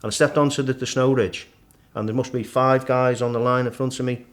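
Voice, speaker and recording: A middle-aged man, a guest in a casual interview, vividly retelling his climb and acting out the shouts and thoughts along the way. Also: mid-range voice, a little fast. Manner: animated storyteller, acts out his own shouts and thoughts. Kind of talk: storytelling in casual conversation.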